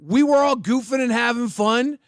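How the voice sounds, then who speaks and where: A man explaining himself defensively in a recorded call, hesitant and halting, stumbling over his words. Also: very high-pitched, dry recording.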